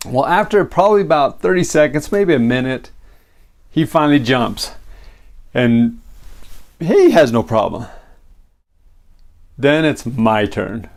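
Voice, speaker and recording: Gravelly middle-aged man telling a story. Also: a little high, moderate pace. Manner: animated, acts out other people's lines. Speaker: motivational speaker. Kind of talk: personal storytelling talk.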